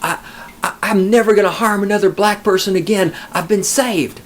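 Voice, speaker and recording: A man's voice: sits high, normal speed, voice pushed up, lightly acted. A man voicing a mocking caricature of a bigoted Southern man with a Southern US accent and an exaggerated drawl. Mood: gushing.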